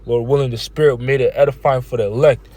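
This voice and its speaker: A man teaching a scripture lesson in a conversational way, reading verses slowly and filling his talk with "man" and "you know.". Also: mid-range voice, steady tone, warm tone. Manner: slows down to read verses aloud. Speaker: bible teacher.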